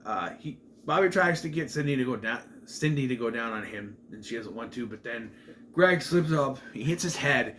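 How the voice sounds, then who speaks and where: Animated man reviewing a movie. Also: moderate pace, slight background noise. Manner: animated, laughs at his own jokes, mimics lines in high voices. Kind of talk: casual solo movie review.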